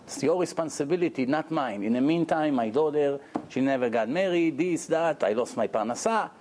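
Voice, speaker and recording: A man's voice: a little high, expressive, normal speed, darkish tone, slight background noise, voice pushed down, lightly acted. A man voicing a bitter ruined townsman. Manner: frustrated, accusing.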